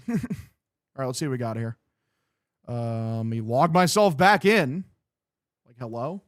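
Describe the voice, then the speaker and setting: A man's voice: medium pitch, a little slow, no room sound, clean studio sound. A young man hosting a casual live game-watch stream. He swears a lot, sounds frustrated and talks to his chat as "boys". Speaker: livestream host.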